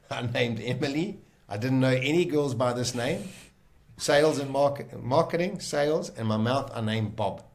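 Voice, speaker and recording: South African man, middle-aged, average pitch, vivid storytelling, loud-soft swings. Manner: vivid, acts out his own inner voices, swings loud and soft. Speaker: guest telling his survival story. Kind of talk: animated storytelling.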